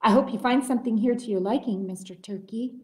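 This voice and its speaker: A woman's voice: fairly high pitch, a little fast, a little mellow, far from the mic, close to an everyday voice. Woman doing a gracious motherly moose hostess. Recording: roomy echoey room.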